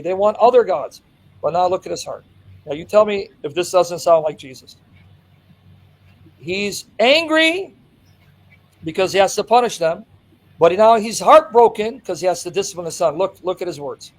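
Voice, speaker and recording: On a rough recording, a high-voiced man preaches fervently as a Christian apologist. He reads scripture aloud and hammers home his points in an impassioned Bible exposition.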